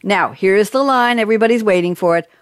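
A woman's voice: medium pitch, a little fast, clean tone, no echo. Woman host, effusive and laughing often, dry close sound. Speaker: show host. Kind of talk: hosting a panel show.

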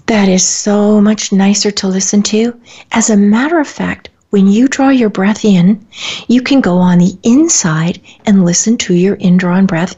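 A woman hosting a radio show, leading a guided breathing and imagery exercise in a soft, hushed, soothing way. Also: mid-range voice, unhurried, slightly rough. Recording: dull lo-fi radio audio.

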